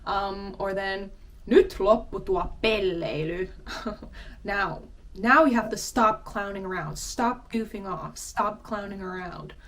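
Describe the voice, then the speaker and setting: Young female host, chatty and giggly, casual word-of-the-week teacher, mid pitch. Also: takes it slowly, sharp tone. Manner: giggly, chatty, laughs often. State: out of breath. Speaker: language teacher. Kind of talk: casual vocabulary lesson.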